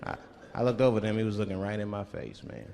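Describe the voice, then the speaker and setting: A male stand-up comedian telling stories, swearing freely and dropping into low murmured asides. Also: steady tone, fast talker, creaky, dark tone, big-room sound. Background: crowd laughter.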